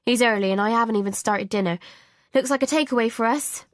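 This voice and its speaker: Woman doing a bright, breezy neighbour, pitched up, quick to bristle. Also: no room sound, clean studio sound, natural voice. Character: touchy friendly neighbour woman.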